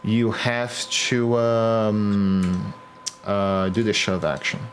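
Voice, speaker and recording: A man's voice: lowish voice, flat delivery, very slow, slight background noise. A man running a tabletop game as game master, who swears freely, teases his players and laughs often.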